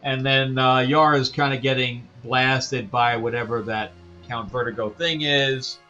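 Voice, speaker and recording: A man's voice: medium pitch, steady tone, unhurried, pushed and bright, lo-fi sound, soft background music. A man hosting a casual comic book review, rambling with lots of fillers and chuckling asides.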